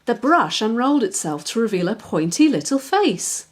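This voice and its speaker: A woman, a children's author, reading her own picture book aloud in a lively, expressive storytelling way. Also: on the high side, moderate pace.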